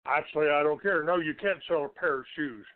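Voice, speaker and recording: A man hosting a call-in radio talk show, yelling and cursing at a caller. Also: a little high, a little fast, no echo, phone-quality sound. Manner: shouting, profane and abusive toward the caller.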